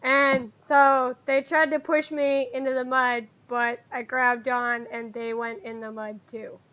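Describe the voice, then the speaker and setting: A woman voicing an eager little boy covered in mud, who talks in a rambling, halting way. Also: sits high, flat delivery, phone-quality sound. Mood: earnest. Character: tiny muddy boy, earnest and eager.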